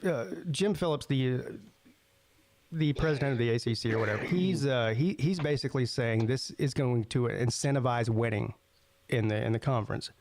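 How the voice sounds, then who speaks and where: A man's voice: mid-range voice, moderate pace, darkish tone, dry recording. A man co-hosting a sports podcast, easygoing and reasoning aloud with hesitant fillers. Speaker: podcast co-host. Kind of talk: casual sports talk.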